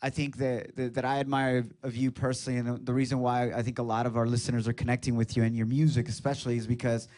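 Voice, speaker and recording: A man's voice: medium pitch, flat delivery, quick pace, hardly any pauses, darkish tone. A male radio host whose first language is Spanish, chatting casually with a guest in an enthusiastic, rambling way. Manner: enthusiastic, rambling with many restarts. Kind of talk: casual radio interview chat.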